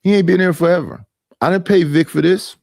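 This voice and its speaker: A middle-aged man rants on a livestream, aggrieved and repetitive, going over the same point again and again. His voice is dark and mellow, and the sound is dry and close. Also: high-pitched, fairly quick, vocal fry, no echo. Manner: aggrieved, repetitive, mimics others in quoted voices. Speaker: streamer. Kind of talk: casual livestream rant.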